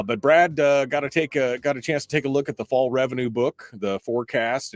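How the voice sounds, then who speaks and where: A man hosts political talk radio in a dry, close studio sound. He sounds exasperated and keeps hammering his point with rhetorical questions at a middle pitch. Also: no room sound. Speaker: radio talk show host.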